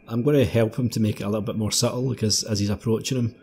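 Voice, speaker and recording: Wry tabletop player. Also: male voice, on the low side, fairly even intonation, very fast, a little mellow. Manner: wry, mock-polite phrasing. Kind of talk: tabletop game play.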